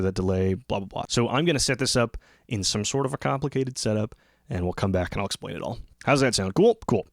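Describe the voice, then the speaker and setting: A man casually demonstrating synthesizer modules as the host of his own channel. He explains in a relaxed, loose way, often restarting his sentences. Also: fairly low pitch, dry recording. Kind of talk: casual hands-on gear demonstration.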